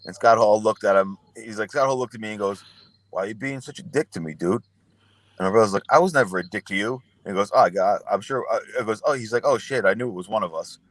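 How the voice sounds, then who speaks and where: A man's voice: on the low side, quick pace, hardly any pauses, no room sound. Profane storytelling man, dry close sound. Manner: profane, rambling anecdotes with acted-out quotes. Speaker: podcast guest. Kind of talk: casual storytelling.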